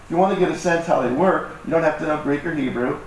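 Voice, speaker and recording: Pastor in an echoey church hall. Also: male voice, on the high side, quick pace, far from the mic. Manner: conversational, self-deprecating, acts out voices. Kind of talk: sermon. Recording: echoey hall, mic from afar, faint noise.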